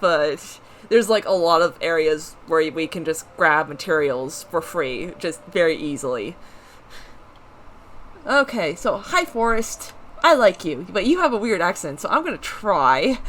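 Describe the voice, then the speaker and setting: Casual gaming host, chatty, rambling, mid-pitched voice, faint hiss on the track. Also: big pitch swings, unhurried, fairly bright tone. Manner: chatty, rambling, self-correcting asides. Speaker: let's play host. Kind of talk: casual game commentary.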